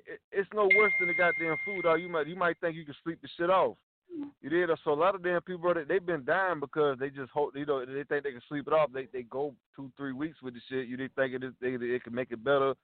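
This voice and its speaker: A man's voice: on the high side, no room sound. Guy ranting on talk radio, cussing nonstop, keeps saying bro and you dig, tinny phone sound. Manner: profane, repeats himself, tags lines with "you dig", "bro", "dog". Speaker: radio show co-host. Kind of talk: heated casual talk radio rant.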